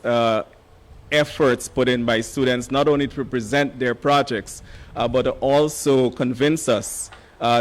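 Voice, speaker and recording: A hoarse man, an education official giving a formal ceremony speech, measured and pausing often on fillers. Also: medium pitch.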